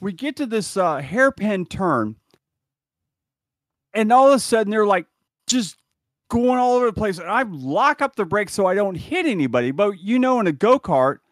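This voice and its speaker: A man hosting a casual podcast, his voice fairly high and swinging widely in pitch as he tells a story. He laughs in the middle of his sentences, and the sound is dry and close to the microphone. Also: normal speed, no room sound. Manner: animated storyteller, laughs while talking. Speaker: podcast host. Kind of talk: casual chat.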